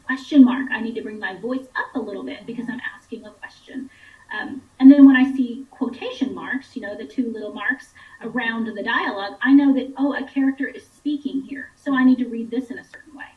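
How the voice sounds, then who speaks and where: A woman's voice: on the high side, a little fast, reverberant, distant mic, phone-quality sound. A woman instructional coach patiently explaining reading skills to parents. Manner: patient, clear teacherly explaining.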